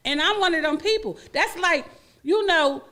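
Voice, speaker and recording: A woman co-hosting a radio talk show, telling stories in a blunt, profane, animated way. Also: very high voice, moderate pace. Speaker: radio co-host. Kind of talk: casual chat.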